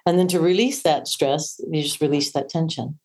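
A woman's voice: sits low, steady tone, normal speed, darkish tone. A woman voice coach on a podcast, explaining and demonstrating how breathing shapes the voice. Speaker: voice coach guest. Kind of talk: podcast interview.

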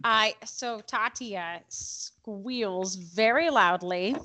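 A woman playing a tabletop game, sassy and quick to swear. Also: medium pitch, bright, forceful tone, slight background noise. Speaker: player. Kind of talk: casual tabletop play.

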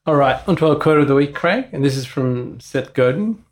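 A man co-hosting a podcast, briskly introducing each segment and chiming in with short agreements. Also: a little high, animated. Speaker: podcast co-host. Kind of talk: casual podcast chat.

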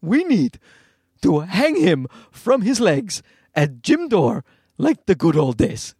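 A man's voice: sits high, wildly swooping pitch, slow, a little mellow, breathy edge, no room sound, studio quality, heavily acted. A man putting on an Egyptian accent to voice a big, angry man reading out his own threatening texts, blunt and clipped. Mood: menacing.

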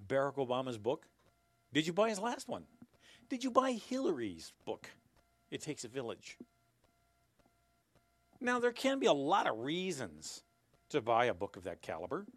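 Lively, chuckling male commentator. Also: mid-range voice, no echo. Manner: chuckling, sarcastic, rambling asides. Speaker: commentary host. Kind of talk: casual commentary to camera.

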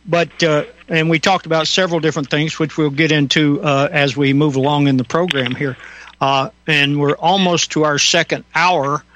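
A Southern man hosting a talk radio show, his voice bright and forward and pitched a little above the usual for a man. He rambles in a folksy way, with plenty of uh's between his thoughts. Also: steady tone, moderate pace, a little hiss or hum, low-quality recording. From Southern United States. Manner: folksy, rambling with many fillers. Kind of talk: casual radio chat.

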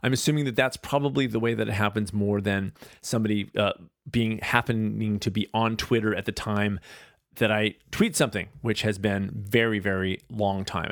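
A man hosting his own podcast, talking casually and rambling through animated asides. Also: on the low side, dry recording, studio quality. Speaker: podcast host. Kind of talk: casual solo podcast monologue.

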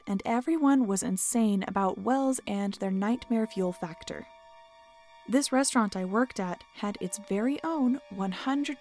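A woman narrating a scripted horror story as host of her own show. She reads in a steady, measured way at a middling pitch. Soft music plays faintly underneath.

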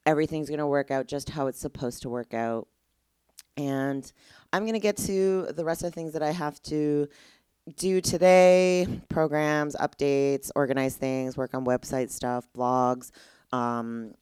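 A woman's voice: low voice, a little slow, a little mellow, smooth, dry recording, clean studio sound. A young woman hosting a casual solo podcast, candid and exasperated, rambling with lots of "like". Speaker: podcast host.

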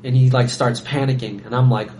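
A young man chatting on a podcast as a guest, telling an animated story and acting out the voices of the people in it. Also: medium pitch, brisk, slight background noise. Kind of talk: casual chat, storytelling.

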